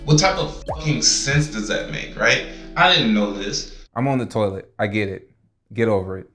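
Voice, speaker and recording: A man's voice: fairly low pitch, moderate pace, bright, forceful tone, far from the mic, soft background music. Young man ranting in an echoey room. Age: young adult. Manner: profane, exasperated ranting. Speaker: vlogger. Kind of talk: casual ranting vlog.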